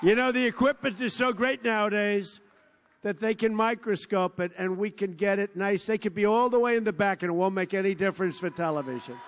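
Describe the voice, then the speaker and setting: A man in his seventies speaks in a fairly high register for his age, delivering a loose, digressive campaign rally speech. He brags, repeats his points and bursts into shouts now and then. He is addressing a large outdoor crowd in a field. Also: a little fast, slight background noise. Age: 70s. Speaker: politician at a rally.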